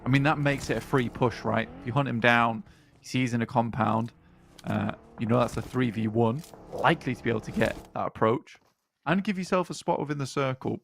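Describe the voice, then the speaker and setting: A man giving color commentary on an esports match, with slow, joking analysis. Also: medium pitch, vocal fry. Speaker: esports co-caster. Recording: faint game noise behind.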